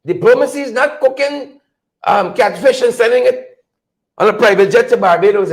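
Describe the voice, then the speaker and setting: Very high-pitched guyanese guy running a political livestream, sarcastic, keeps repeating himself, begging the viewers. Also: normal speed, faint music behind, low-quality recording. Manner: sarcastic, repetitive, pleading with viewers. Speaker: host of a political commentary livestream.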